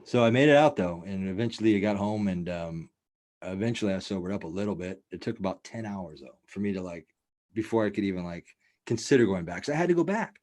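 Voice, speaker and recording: A man hosting a casual podcast, telling a wild story in a profane, rambling, animated way. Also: low-pitched, fast. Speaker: podcast host.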